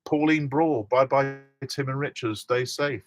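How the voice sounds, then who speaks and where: A man's voice: medium pitch, a little slow, soft background music. Chatty man hosting a live stream. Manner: chatty, reads out viewer comments, laughs often. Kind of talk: casual live stream chat. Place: inside a motorhome by the coast.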